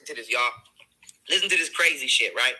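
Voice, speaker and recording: A man with a husky yet very bright, sharp voice who argues defensively. He recounts text messages to defend himself and keeps pushing his side of the story. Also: mid-range voice, animated, a little fast, rough recording. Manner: defensive, argumentative, recounting texts. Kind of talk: heated self-defense.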